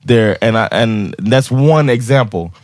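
A man on a podcast, telling a story in an animated way, laughing often and acting out the people he quotes. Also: fairly low pitch, a little slow, no echo, clean studio sound. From United States. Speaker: podcast co-host. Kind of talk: casual storytelling chat.

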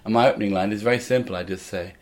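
A man's voice: lowish voice, racing. An older man, a comedian, telling stories in casual conversation with a dry, anecdotal manner. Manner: anecdotal, dry, acts out quoted lines. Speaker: comedian guest.

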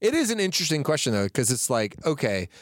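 Fast-talking man in casual chat. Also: medium pitch, very animated, dry recording, clean studio sound. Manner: fast, chatty, swears casually. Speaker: podcast co-host.

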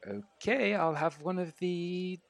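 A man voicing a well-dressed, fastidious male half-orc who speaks softly and hesitantly in a tabletop game. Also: high-pitched, gravelly, pitched above the performer's own voice, full character voice. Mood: reserved.

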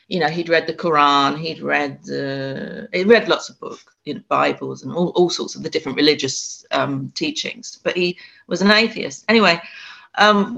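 A woman's voice: low-pitched, vocal fry, fairly bright tone, highs cut off. A woman, an author and spiritual medium, telling her story in an interview, with frequent ums and restarts. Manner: halting, many restarts and ums.

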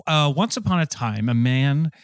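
A man's voice: a little high, expressive, smooth, no echo, studio quality. Flustered man fumbling a joke. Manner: halting, restarts, flustered. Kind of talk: casual banter, fumbling through a joke.

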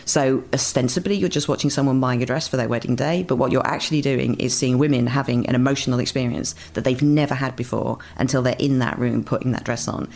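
A woman's voice: extremely low pitch, fast talker, gravelly, hardly any pauses. A woman guest in a casual chat, talking animatedly and acting out quotes. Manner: animated, acts out quotes in lively asides.

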